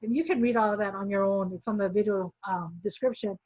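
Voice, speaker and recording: A woman's voice: mid-range voice, fast, darkish tone, dry recording. Woman, former member telling her own story; talkative, re-enacts conversations, fillers galore; muffled, dry sound. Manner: talkative, acts out quoted dialogue, many "like" fillers. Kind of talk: casual personal storytelling.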